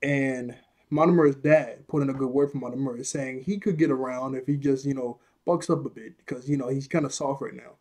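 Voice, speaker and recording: A man's voice: mid-range voice, fairly even intonation, a little fast, darkish tone. Rambling young man recapping anime. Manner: rambling, chatty, frequent restarts and laughs. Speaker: anime vlog host. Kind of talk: casual retelling of an anime scene.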